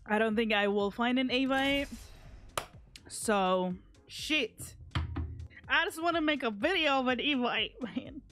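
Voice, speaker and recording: A young woman talks over her gameplay in a loose, unhurried way, her voice sitting a little high for a woman. She is hyped and excitable and swears freely, with humming between her sentences. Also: music in the background. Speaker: gaming streamer. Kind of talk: casual gameplay commentary.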